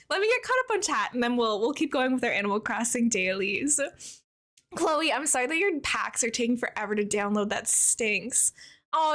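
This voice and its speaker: A woman's voice: a little high, fairly bright tone. A young adult woman streamer chatting casually with her viewers, greeting them by name and laughing often. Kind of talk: casual live-stream chat.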